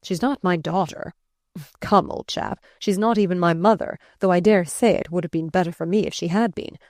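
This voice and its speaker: Woman reading a fond, uneasy gentleman. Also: on the low side, moderate pace, no room sound, clean studio sound, natural voice. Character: charming, flustered gentleman stepfather.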